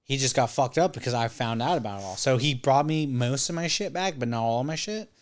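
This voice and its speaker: A man in his thirties with a mid-pitched voice tells a rambling, profane story in a casual chat. He acts out other people's lines as he goes. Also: expressive, a little fast. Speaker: podcast guest.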